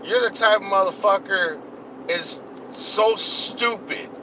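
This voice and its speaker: A man's voice: high voice, slow pace, noisy background. A man delivering a heated, profanity-laced rant, cursing and repeating himself as he vents. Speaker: political vlogger.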